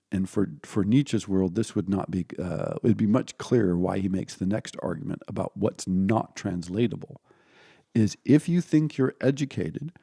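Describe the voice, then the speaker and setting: A man lecturing on philosophy in a loose, rambling way, often correcting himself mid-sentence. His voice is low and gravelly, with a husky edge. The sound is dry and close, with no room around it. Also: mellow, no room sound. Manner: digressive, self-correcting, acts out quoted voices. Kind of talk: informal spoken lecture.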